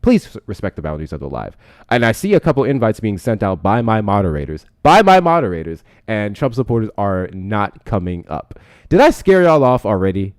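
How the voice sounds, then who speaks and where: A man's voice: lowish voice, sing-song, a little fast, no echo, studio quality. A man hosting a live-stream debate show, talking loosely with lots of swearing and laughing. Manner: loud, swearing, laughs a lot. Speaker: livestream debate host. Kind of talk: casual live-stream talk.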